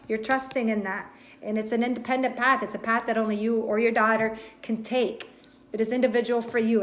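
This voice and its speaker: Woman host, slightly high voice, earnest and halting, live spiritual reading to viewers. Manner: earnest, repetitive, halting with fillers and restarts. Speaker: intuitive reader and host.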